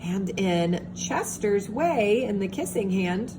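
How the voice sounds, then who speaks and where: A woman teacher reading a storybook aloud to young children, expressive and pausing to ask them questions. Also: mid-range voice. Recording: steady background hiss.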